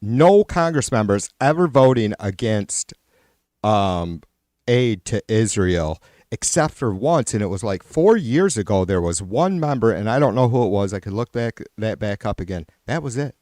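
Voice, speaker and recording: A man's voice: fairly low pitch, expressive, moderate pace, darkish tone, dry recording, studio quality. A man hosting a live stream, ranting casually and profanely with sarcastic exasperation, often trailing off and restarting.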